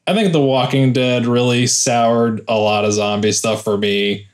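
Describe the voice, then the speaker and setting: A man's voice: medium pitch, fairly even intonation, a little slow. A man on a casual film podcast, laid-back and hesitant with lukewarm opinions. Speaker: podcast panelist.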